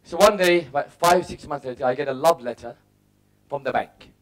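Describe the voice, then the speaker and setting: Speaking a little fast in a fairly high voice, a middle-aged motivational speaker from England relates personal stories and dramatizes his own thoughts in short, punchy bursts.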